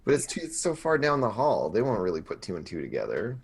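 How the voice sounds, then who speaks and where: A man's voice: fairly low pitch, wildly swooping pitch, fast, gravelly, a little hiss or hum. A man playing in a tabletop game, chatting casually with his party. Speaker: player.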